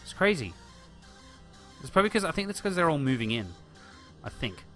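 Faint music plays behind this Australian streamer, whose voice is a little high, sing-song and a bit bright, moving at a brisk clip. He casually narrates his city-building game, musing aloud and replying to his viewers.

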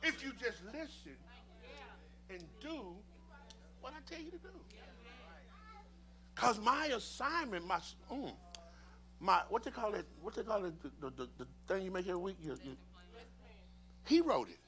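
A man leads a church Sunday school class in a preaching style, with a bright, ringing tone. His pitch sits high and swoops all over. He repeats words and breaks into sudden shouts. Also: big pitch swings, moderate pace, pauses often.

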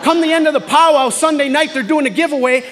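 A man performing a stand-up comedy set on a theatre stage, telling animated stories that build to shouted chants. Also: very high voice, quick pace, long reverb tail, background noise. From Canada. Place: theatre stage before a live audience. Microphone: stage microphone. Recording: live theatre taping with audience laughter.

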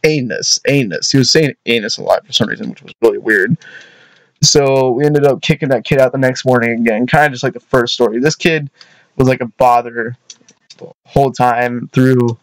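A young man tells a story from his childhood in a loose, rambling way, stumbling over words and tossing in "you know what I mean". His voice sits at an ordinary pitch for a man. The recording is dry and close, with no room sound. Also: steady tone, normal speed, dry recording. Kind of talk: casual storytime.

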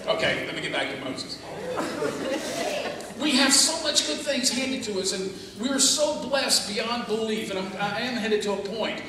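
A man's voice: high-pitched, expressive, a little slow. An older man preaching a sermon, telling stories animatedly and acting out voices. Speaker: pastor. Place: church sanctuary. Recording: echoey hall from far off with background noise.

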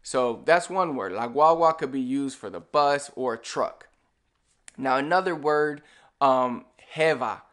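A man's voice: medium pitch, a little slow. Young male language teacher, easygoing and chatty, casual video-lesson delivery. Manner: relaxed and chatty, with frequent fillers and "all right"; speaks to the viewer directly, explaining step by step.

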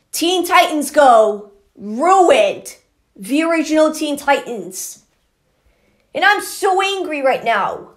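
A woman hosts her own channel with a ranting commentary. She talks slowly and sounds exasperated, repeating the same complaints. Her high voice rings out in an echoey room. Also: fairly bright tone. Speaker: channel host. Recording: roomy echo.

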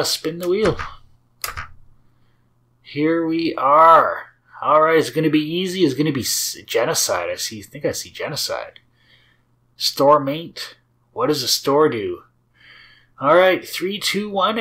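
Slow-talking man chatting over his game. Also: on the high side, lively intonation, bright, forceful tone. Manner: rambling, chatty, with frequent fillers and small laughs. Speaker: host of a game and source-code video series. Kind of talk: casual commentary while playing and reading code.

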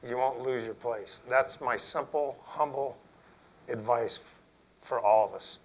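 A middle-aged man, an Air Force general, telling a story to school principals in a folksy, earnest way, dropping to a hush for emphasis. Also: mid-range voice, a little slow, poor audio.

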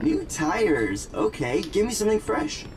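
A man's voice: high voice, very animated, measured pace, a little mellow, heavily acted. An actor voicing a friendly, easygoing male robot customer in a video game. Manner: laid-back, easygoing. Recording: game music behind. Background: music.

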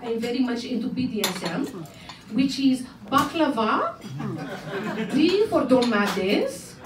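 A woman's voice: a little high, sing-song, slow pace, distant mic. Woman playing a brash older Greek auntie with a Greek accent. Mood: bawdy. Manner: broken grammar, bawdy, theatrical, cackling. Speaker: stand-up comic. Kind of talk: character stand-up comedy. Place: pub stage at a variety show. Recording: echoey pub mic heard from afar, crowd laughter. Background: audience laughing.

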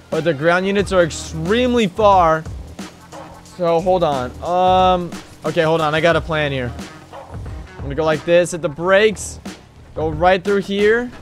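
A young man with a high, bright-pitched voice talks through a game chase in real time, quick to yelp and laugh at the jumps and crashes. He tosses playful taunts at the cops on his tail, and soft music plays faintly underneath. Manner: excitable, bursts into yelps on jumps and crashes; cheeky taunts at pursuing cops. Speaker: gaming YouTuber and server owner. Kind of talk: live gameplay commentary.

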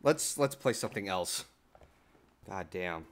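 A man's voice: sits low, expressive, measured pace. A young man streaming games in casual chat, swearing at the game and mocking himself.

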